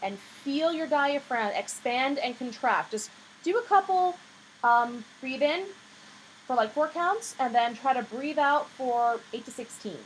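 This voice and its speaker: A woman's voice: high voice, animated, a little slow. A woman voice teacher giving a singing lesson in a patient, coaching way, her voice a little scratchy. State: slightly scratchy voice.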